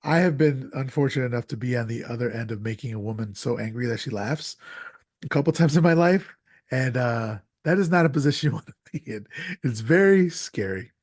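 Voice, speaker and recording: A husky man recaps a film's plot on a podcast, casual and jokey, tripping over his words now and then. His voice sits at a middling pitch and is recorded dry and close. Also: expressive, brisk, a little mellow, no room sound. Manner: conversational, stumbling restarts, jokey. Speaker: podcast host.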